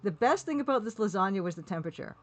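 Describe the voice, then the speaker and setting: Racing along in an animated, medium-pitched voice, a woman livestreams and reads her chat aloud. She's chatty and rambling, laughing frequently as she goes.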